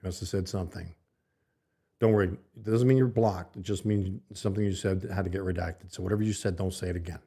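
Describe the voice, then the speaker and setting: A man's voice: low-pitched, fairly even intonation, fast talker, mellow, husky. A man hosting a livestream, chatting loosely with viewers and reading their comments aloud. He speaks close to a desk mic in a home streaming setup. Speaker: livestream host. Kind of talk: casual livestream chat with viewers. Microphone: desk mic held close to the mouth.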